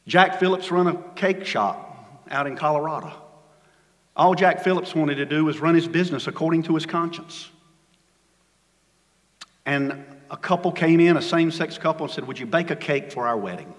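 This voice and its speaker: A man's voice: moderate pace, long pauses. Man preaching in a reverberant hall. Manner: dynamic preaching, swings from loud emphasis to hushed low lines. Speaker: pastor. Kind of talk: sermon. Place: church sanctuary.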